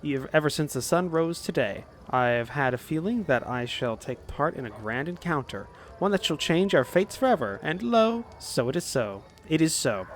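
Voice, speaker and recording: A man's voice: on the high side, very animated, moderate pace, few pauses. A man voicing a flowery female foreign traveler in a video game, reading her ornate lines in his own voice. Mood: grandiose. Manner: ornate, solemn phrasing.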